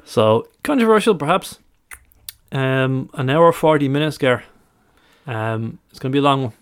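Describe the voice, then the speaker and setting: A man with a mid-pitched voice, co-hosting a casual podcast. He tells stories chattily, with dry humor. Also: lively intonation, normal speed, smooth. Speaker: podcast co-host. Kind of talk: casual chat.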